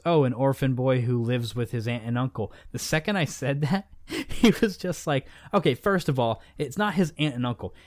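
A man co-hosts a podcast in casual chat, rambling with lots of restarts and fillers. His voice is medium-pitched, and the studio-quality recording has no room sound.

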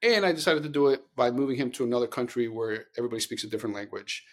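A man's voice: medium pitch, racing. A middle-aged man co-hosting a podcast, telling long earnest stories in casual chat with many restarts. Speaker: podcast co-host.

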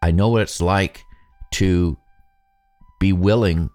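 A man's voice: low-pitched, fairly even intonation, slow, darkish tone, soft background music. A man in his sixties hosting a solo podcast, musing aloud in a conversational, self-deprecating way. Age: 60s. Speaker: podcast host. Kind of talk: reflective solo podcast monologue.

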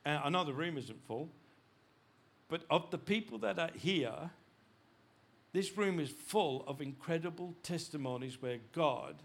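A middle-aged male pastor preaching a sermon, animated, with frequent restarts, growing loud and urgent in places. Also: a little high. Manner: animated preaching, rising loud when voicing God; frequent restarts and repeated words.

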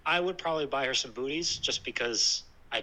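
A man casually talking about hiking with his dog, thoughtful and relaxed, with many fillers and restarts. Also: mid-range voice, brisk, poor audio. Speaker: hiker discussing a trip with his dog. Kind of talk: casual chat.

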